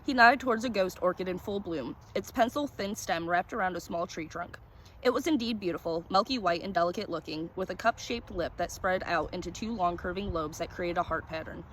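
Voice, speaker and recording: A woman narrating a first-person short story in a calm, descriptive reading manner. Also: on the low side, brisk, a little hiss or hum.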